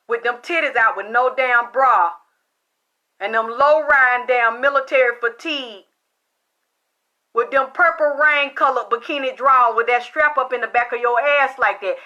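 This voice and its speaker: Woman psychic, high bright voice, blunt profane storyteller. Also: muffled recording. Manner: blunt, heavy cursing, excitable. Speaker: psychic reader.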